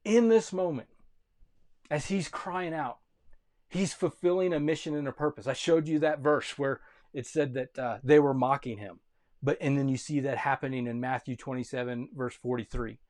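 A man in his thirties preaching a sermon, swinging between loud urgent calls and quiet, intimate storytelling. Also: mid-range voice, moderate pace. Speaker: pastor.

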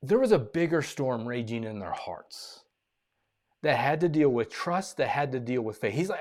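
A man preaching a sermon as pastor, animated and repeating phrases for emphasis. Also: medium pitch, moderate pace.

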